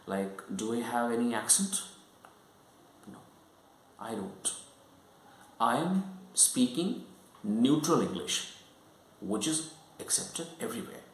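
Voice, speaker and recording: A man teaches an online English lesson at a mid pitch, explaining patiently and checking in with his viewers as he goes. His voice carries a roomy echo, and he talks in a plain, instructive way. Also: a little hiss or hum. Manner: explanatory, keeps checking in with "right?" and "okay?".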